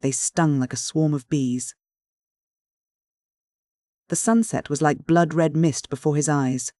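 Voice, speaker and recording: An audiobook narrator at a middling pitch, reading Victorian prose in a steady, measured manner. The sound is close and dry, recorded on a studio mic. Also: no room sound. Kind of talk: scripted narration of a Victorian story.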